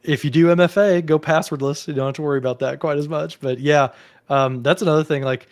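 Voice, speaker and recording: A man's voice: a little high, fairly even intonation, quick pace. A man co-hosting a casual tech discussion, thinking aloud with hedges and restarts. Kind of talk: casual explanatory chat.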